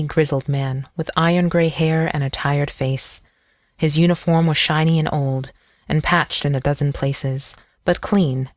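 An audiobook narrator telling a novel in a measured, descriptive manner. The voice sits at a middle pitch, and the recording is dry and close with no room echo. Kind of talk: scripted narration.

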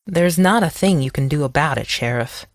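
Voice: medium pitch, fairly even intonation, normal speed, dry recording, clean studio sound, close to an everyday voice. A narrator doing a melodious, lawyerly churchman. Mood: heated. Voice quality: melodious, controlled. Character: calm smooth-talking lawyerly man of a church.

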